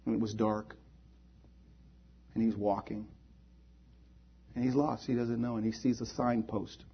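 Gravelly husky preacher man, pleading. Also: fairly low pitch, little pitch movement, unhurried, muffled recording. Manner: pleading, invites hands raised. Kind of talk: sermon with altar call and prayer. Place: church service.

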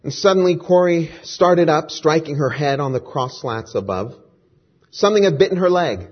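A man's voice: a little high, lively intonation, normal speed, husky, lo-fi sound. A male pastor praying and then telling a story earnestly during a sermon.

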